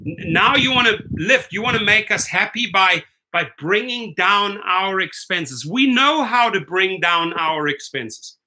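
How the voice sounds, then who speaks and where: A man's voice: high voice, expressive, unhurried, sharp tone, rough recording. A man hosting a rideshare video, ranting in a confrontational way and speaking straight to the executives, often tagging "right?" onto his points. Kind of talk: ranting commentary vlog.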